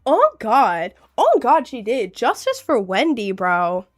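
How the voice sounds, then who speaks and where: Young female streamer with a cold, chatty and rambling, voice on the higher side. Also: huge pitch swings, slow pace. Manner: rambling, giggly, chatty, reads chat aloud. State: has a cold. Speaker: live streamer. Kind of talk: casual live-stream chat.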